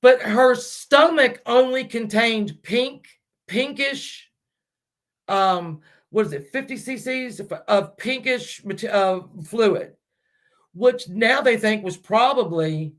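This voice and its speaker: A man's voice: sits high, animated, takes it slowly, fairly bright tone. A man hosting a true-crime channel who speculates aloud in a casual, rambling way, with many restarts and fillers, and who talks straight to his viewers.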